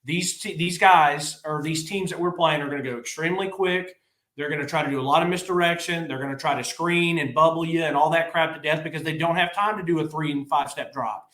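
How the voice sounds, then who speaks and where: Excitable man in an echoey room. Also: on the high side, brisk. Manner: excited, rambling with restarts. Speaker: podcast co-host. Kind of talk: casual sports chat.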